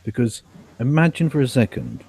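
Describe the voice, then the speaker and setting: A man's voice: mid-range voice, normal speed, darkish tone, slight background noise. A man taking part as a guest in a casual online discussion, speaking emphatically and sardonically with the odd swear word, over a video call.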